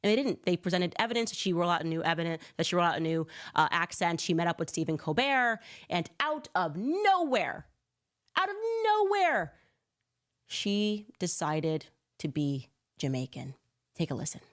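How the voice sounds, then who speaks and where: A woman's voice: fairly low pitch, lively intonation, brisk. A woman hosting a political commentary show, delivering sarcastic, scornful opinions.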